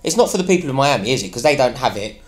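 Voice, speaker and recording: A man's voice: mid-range voice, sing-song, very fast, crowd noise. A man, a guest on a football podcast, blunt and opinionated and given to rants. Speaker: podcast guest, fan channel host. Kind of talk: casual football podcast chat.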